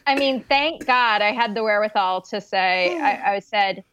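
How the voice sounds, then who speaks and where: A woman guest on a podcast telling a casual story in a lively way, laughing often. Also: mid-range voice, normal speed, heavy background noise. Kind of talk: casual chat.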